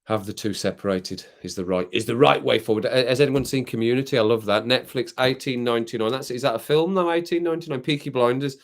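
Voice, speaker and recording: A man's voice: mid-range voice, fast, hardly any pauses. A British man hosting a casual late-night live stream. He chats loosely with viewers while sipping rum, rambling, laughing often and coughing now and then. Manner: chatty, rambling, laughs often, reads comments aloud. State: drinking rum, occasional coughs.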